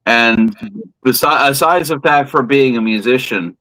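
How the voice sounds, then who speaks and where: A man's voice: mid-range voice, a little slow, bright, forceful tone, low-quality recording. A man chatting casually on a video call, telling rambling, hesitant stories. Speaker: podcast participant. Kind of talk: casual chat.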